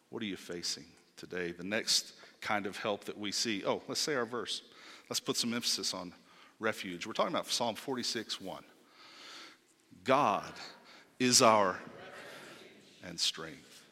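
In a big-room setting, a man with a lowish voice preaches a sermon emphatically. He swings between loud declarations and hushed asides, posing rhetorical questions along the way.

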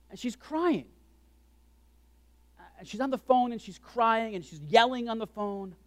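A man preaching a sermon as pastor, animated and joking, acting out his own thoughts in quick asides. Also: sits high, dry recording.

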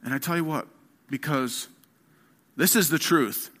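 A middle-aged man giving an earnest personal testimony as a sermon, telling his story haltingly with fillers and restarts. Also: fairly high pitch, a bit bright. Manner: earnest, candid. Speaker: guest speaker.

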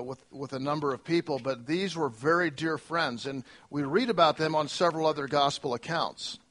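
A man preaching a sermon in a casual, conversational way, with a voice that sits a little high. He often pauses, restarts phrases and drops in self-deprecating asides. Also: fairly bright tone. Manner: self-deprecating humor with laughs. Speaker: pastor.

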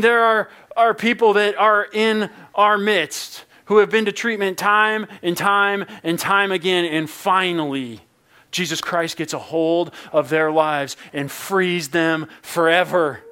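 Male pastor, high voice, conversational sermon with lots of humor. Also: a little slow, sharp tone, clean tone. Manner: playful, joking, conversational preaching.

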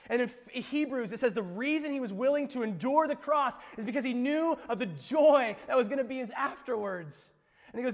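A male pastor preaching a sermon, animated, swinging between loud emphasis and hushed asides. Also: very high-pitched, fairly quick, long reverb tail.

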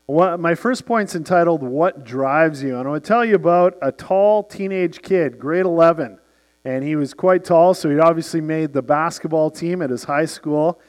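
40s guy preaching, tells stories and does the voices, bit higher pitched, light hum in background. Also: normal speed, darkish tone. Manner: storytelling, acts out characters in the anecdote. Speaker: pastor. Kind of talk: sermon.

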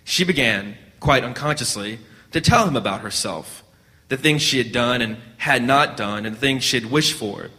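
A man reading a story aloud at a measured pace, now and then restarting a word. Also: mid-range voice, expressive, pushed and bright, in a large hall. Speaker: narrator.

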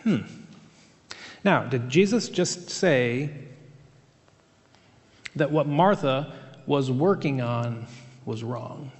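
A man's voice: mid-range voice, expressive, drawn-out words, long pauses. A male pastor preaching a sermon in a conversational way, with fillers and restarts. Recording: long hall reverb.

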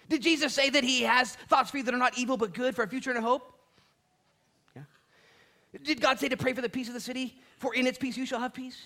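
A man's voice: extremely high pitch, lively intonation, quick pace, sharp tone. A middle-aged male pastor preaching a conversational sermon, acting out little dialogues along the way.

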